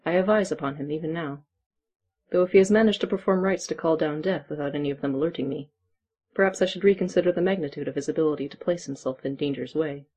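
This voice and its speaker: A storyteller voicing an ancient, brooding male night creature who speaks in formal, measured sentences. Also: mid-range voice, darkish tone, slightly rough, close to an everyday voice.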